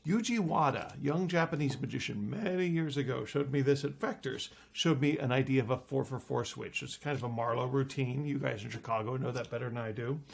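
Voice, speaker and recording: Gravelly man teaching magic tricks. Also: brisk, hardly any pauses. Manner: playful, acts out patter with big pitch jumps. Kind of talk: magic lecture demonstration.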